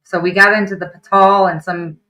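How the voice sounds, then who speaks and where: A host with a bright, forceful voice, talking over a video call. They speak in a relaxed, patient way, checking that the guest can be heard and nudging the talk along. The sound has the thin feel of a call line. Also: mid-range voice, fairly quick, poor audio. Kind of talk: casual interview chat.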